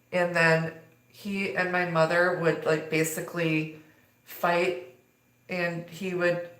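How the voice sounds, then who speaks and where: A woman with a slightly low voice gives a live tarot reading. She rambles, leaning on fillers, and her voice rings in an echoey room. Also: a bit bright. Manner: rambling, filler-heavy delivery. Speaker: tarot reader.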